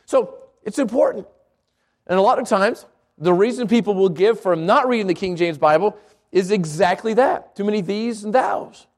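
A man with a noticeably high voice leads an informal Bible lesson in church. He talks conversationally, stumbles and restarts words, and keeps checking in with the room by asking "right?". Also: normal speed. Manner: conversational, repeats himself and asks the room "right?". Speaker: preacher teaching a Bible class.

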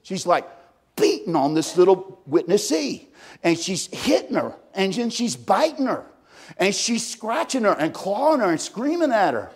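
Husky, high-pitched preacher telling a story. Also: male voice, normal speed. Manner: animated, swings from loud bursts to hushed tones. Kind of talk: sermon storytelling.

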